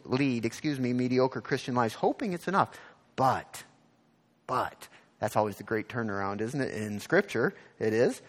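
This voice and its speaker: Lively conversational preacher, a man. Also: mid-range voice. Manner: conversational, asks the congregation questions, frequent "right?"; reads passages aloud slowly with emphasis. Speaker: pastor. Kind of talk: sermon.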